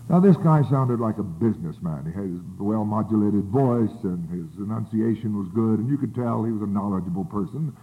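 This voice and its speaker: A man's voice: lowish voice, fairly quick. An older man telling a rambling personal recovery story to a group, with many fillers and restarts. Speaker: speaker sharing his recovery story. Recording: tinny phone-like audio.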